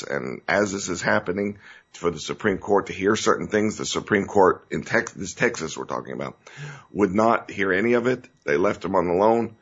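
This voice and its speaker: Low husky man hosting a talk show. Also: highs cut off. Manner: earnest, rambling, restarts and gets choked up. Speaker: show host. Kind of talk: emotional political talk show monologue.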